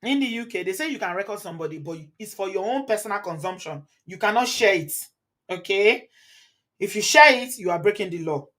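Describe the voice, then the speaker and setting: A woman's voice: mid-range voice, animated, brisk, a bit bright. Chatty Nigerian woman host. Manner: chatty, switches into Pidgin and Yoruba, laughs often. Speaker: channel host. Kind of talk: live commentary reading viewer comments.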